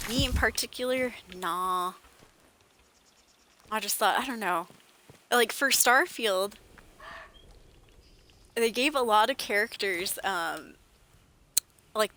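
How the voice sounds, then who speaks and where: A woman's voice: a little high, sharp tone. A woman streaming a game, chatting casually with jokes and sarcastic asides. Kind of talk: casual gameplay chat.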